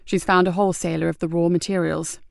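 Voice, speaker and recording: A woman voicing a weary, steady male police sergeant who talks low and measured. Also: vocal fry, no room sound, studio quality. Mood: calm.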